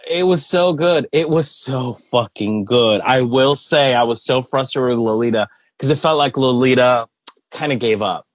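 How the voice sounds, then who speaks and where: A man's voice: mid-range voice, normal speed, no echo. A man co-hosting a podcast in casual chat, effusive and emotional, swearing freely. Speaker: podcast co-host.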